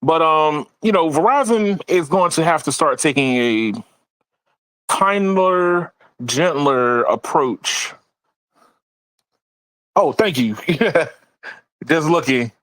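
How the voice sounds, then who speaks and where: A man hosting a casual tech podcast, animated, laughing often and repeating words as he talks. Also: a little high, measured pace, dry recording, poor audio. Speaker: podcast host.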